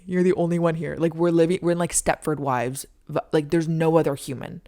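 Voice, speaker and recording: A young woman in her twenties hosting a podcast, telling a story in a casual, animated way with lots of "like". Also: a little fast. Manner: animated, frequent "like", acts out her own lines in a high squeaky voice. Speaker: podcast host.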